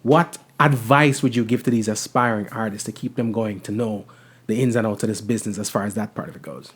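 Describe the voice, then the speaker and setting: A man hosting a talk show, asking long questions and affirming his guests in relaxed conversation. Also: fairly low pitch, brisk, husky. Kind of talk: casual interview.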